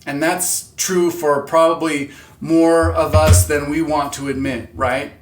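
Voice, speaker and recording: A man's voice: on the high side, level tone, unhurried, noisy background. A man in his thirties hosting a motivational vlog, talking candidly and earnestly about pushing through setbacks. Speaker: channel host. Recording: roomy echo.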